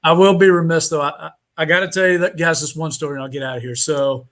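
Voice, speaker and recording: A man's voice: on the high side, fairly even intonation, fast, a bit bright. A man from Indiana, a podcast guest on a remote call, telling a story in a rambling, casual way with many fillers and restarts.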